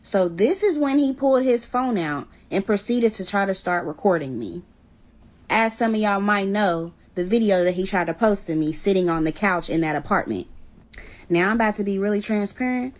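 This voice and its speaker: A woman sits and tells her followers a personal story time. She talks in a casual, blunt way and swears freely as she goes. Her voice sits in a middle pitch. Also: moderate pace. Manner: blunt, animated retelling with swearing. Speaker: storyteller vlogger.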